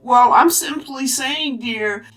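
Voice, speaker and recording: A fussy, high-pitched older aunt gushes and frets, put on by a woman. Her exclamations come slowly and heard from a distance, with faint music underneath. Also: a bit bright. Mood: fluttery. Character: flustered, gushing older aunt.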